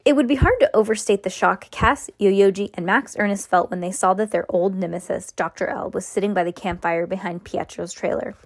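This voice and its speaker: A woman's voice: medium pitch, a little fast, hardly any pauses, dry recording. A woman reading a chapter book aloud to a child at home, stopping for asides, restarts and laughs. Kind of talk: casual read-aloud of a novel.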